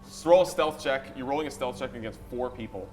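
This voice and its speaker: A man's voice: mid-range voice, fast talker, darkish tone. A man narrating as game master in a loose, descriptive way. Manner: descriptive, with fillers like 'like'. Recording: background music under voices.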